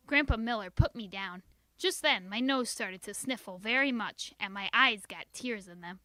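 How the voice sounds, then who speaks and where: A woman reading a children's book aloud in an expressive, sing-song storytelling manner. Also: mid-range voice, moderate pace, dry recording. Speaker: reader.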